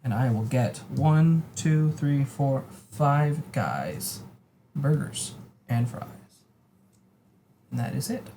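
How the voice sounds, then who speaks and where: Mellow man narrating his board game turn. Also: mid-range voice, animated, slow, long pauses, a little hiss or hum. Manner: narrates his own moves step by step, jokey. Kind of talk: casual tabletop game play.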